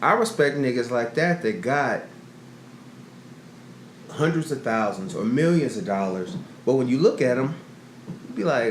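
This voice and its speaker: A man's voice: mid-range voice, animated, unhurried, long pauses. A middle-aged man co-hosting a podcast, telling profane stories in casual chat and acting out quotes. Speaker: podcast co-host. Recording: roomy echo, faint noise.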